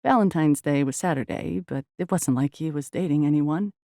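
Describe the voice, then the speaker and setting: An audiobook narrator with a low voice reads a romance novel aloud in an even, measured storytelling style. The scripted narration is captured as a dry, clean studio recording.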